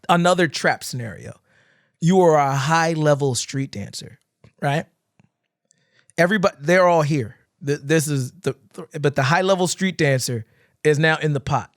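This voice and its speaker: On a podcast, a man who teaches dance tells stories in a relaxed, animated way, swearing often and mimicking crowds and shouts. His fairly high voice comes through in studio quality with no room sound.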